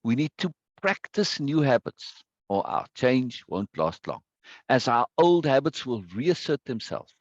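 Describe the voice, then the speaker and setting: Emphatic man with lively pitch. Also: measured pace, no room sound, dull audio. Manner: emphatic, repeats words for stress; greets viewers by name from chat. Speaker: course teacher. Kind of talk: live online lesson with chat.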